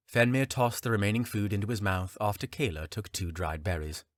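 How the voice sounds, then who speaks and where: A man narrating a fantasy audiobook in a steady storytelling manner. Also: on the low side, a little fast, hardly any pauses, no room sound, clean studio sound.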